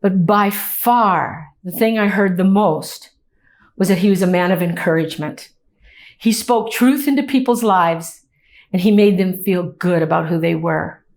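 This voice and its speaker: A middle-aged woman giving a motivational talk, telling stories earnestly with touches of humor and lively quoted dialogue. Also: medium pitch. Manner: earnest storytelling with warm humor, lively quoting. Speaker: inspirational speaker. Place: meeting or talk venue.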